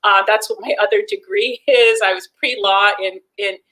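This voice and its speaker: Chatty woman from the D.C. area, bright tense voice, laughs easily. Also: medium pitch, fairly even intonation, moderate pace, rough recording. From Washington, D.C. area. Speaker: opera singer guest. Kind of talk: casual interview chat.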